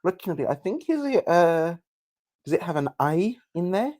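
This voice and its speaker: A man's voice: sits high, big pitch swings, normal speed, a little mellow. A man, co-hosting a casual comedy podcast in a playful, wry way. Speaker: podcast co-host.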